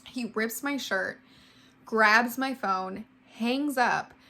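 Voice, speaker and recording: A woman's voice: on the high side, very slow, vocal fry, pushed and bright. A woman in her twenties giving a casual storytime vlog, emotional and full of "like". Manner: heavy use of "like", emotional retelling. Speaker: vlogger.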